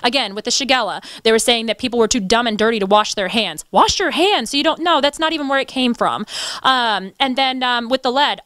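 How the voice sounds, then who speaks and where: A woman's voice: a little high, fairly quick, fairly bright tone, no echo. A woman activist speaking in an interview, impassioned and indignant. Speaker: activist guest. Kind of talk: interview conversation.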